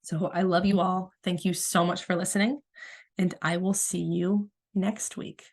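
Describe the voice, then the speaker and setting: A woman with a cold, hosting a solo podcast as a spiritual coach in a gentle, chatty, rambling way. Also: fairly low pitch, little pitch movement, a little slow. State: has a cold. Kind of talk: casual solo podcast monologue.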